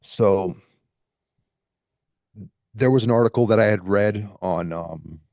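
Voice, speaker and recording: A man hosting a podcast in a casual, halting way, pausing as he reads from his sources. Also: fairly low pitch, gravelly, darkish tone, dry recording, lo-fi sound. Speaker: podcast host. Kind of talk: casual podcast talk, reading quotes aloud.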